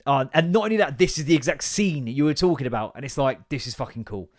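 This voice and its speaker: A man's voice: medium pitch, quick pace. A man, hosting a casual comedic podcast monologue in a rambling, swearing, self-mocking way. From England. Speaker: podcast host.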